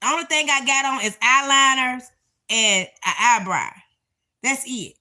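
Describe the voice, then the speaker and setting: Bright-voiced animated woman vlogger. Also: high-pitched, unhurried. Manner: animated, emphatic, speaks in Southern-style vernacular. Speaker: reaction video host. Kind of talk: casual chat to viewers. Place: home, indoors. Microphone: phone or camera nearby.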